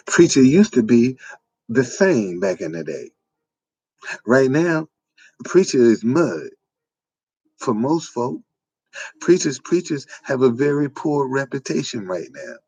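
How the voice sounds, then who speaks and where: A man's voice: medium pitch, darkish tone, dry recording, dull audio. A man, delivering an informal preaching monologue with repetitive, emphatic phrasing. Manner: repetitive, emphatic, folksy street-preacher cadence. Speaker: online preacher.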